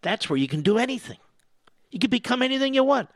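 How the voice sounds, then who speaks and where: A man on talk radio with a high, very lively voice that swoops up and down as he mocks and jabs. His delivery is sarcastic and combative, an opinionated monologue. The sound is dry and close, with no room around it. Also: moderate pace, dry recording. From US East Coast.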